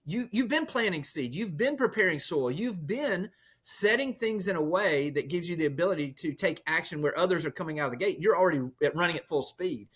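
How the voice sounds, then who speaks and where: A man, a podcast guest, speaking as an energetic motivational storyteller who leans on metaphors. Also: a little high, brisk, slightly rough. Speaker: podcast guest, real estate leader. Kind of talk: motivational conversation.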